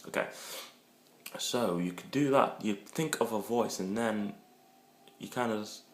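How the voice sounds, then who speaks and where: A man's voice: lowish voice, a little slow. A man rambling through crude, joking dating advice in a casual comedic monologue. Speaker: vlogger giving dating advice. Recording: echoey room.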